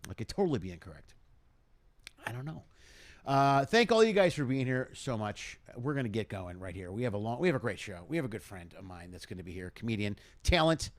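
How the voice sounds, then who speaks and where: A man's voice: lowish voice, big pitch swings, a little fast, no echo. A man in his forties hosting a casual live stream, rambling with hype-man energy and lots of fillers. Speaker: show host.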